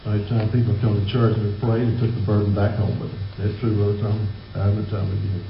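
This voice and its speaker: Folksy older preacher in church. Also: male voice, on the low side, level tone, quick pace, slight background noise. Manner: folksy, chuckling preacher addressing a congregation. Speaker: pastor. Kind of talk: sermon. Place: church sanctuary. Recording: roomy, slightly dull church recording.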